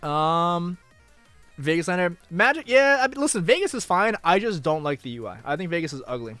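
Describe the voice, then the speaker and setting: A young man chatting casually on a live stream, talking to his chat, moving between mock outrage and low mumbling asides. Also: animated, fast talker, a bit bright, soft background music. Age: young adult.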